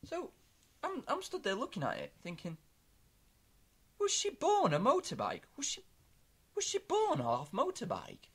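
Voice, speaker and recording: A man on a comedy podcast, rambling through deadpan anecdotes with stammered restarts. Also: very high-pitched, unhurried, long pauses, slightly rough. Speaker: podcast co-host. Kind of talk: comic storytelling chat.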